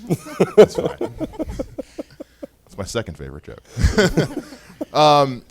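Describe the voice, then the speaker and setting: A young man working through a stand-up set in a small venue, his pitch bouncing up and down as he pokes fun at himself. He keeps breaking into laughter at his own lines. Music plays behind him. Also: wildly swooping pitch, slow pace, dry recording. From Ohio. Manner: self-deprecating, laughs at his own jokes. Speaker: stand-up comedian. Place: small venue with live audience.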